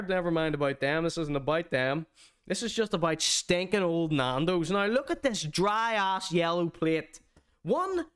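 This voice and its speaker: A man's voice: on the high side, fairly bright tone, clean tone. A man hosting a streamed show, giving a mocking, theatrical comedic rant.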